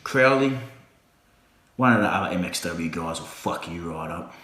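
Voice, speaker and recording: Brief: deep-voiced man, angry cursing wrestling promo, echoey room. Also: steady tone, fairly quick, bright, forceful tone. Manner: swearing, threatening, heated. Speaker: backyard wrestling promo talker.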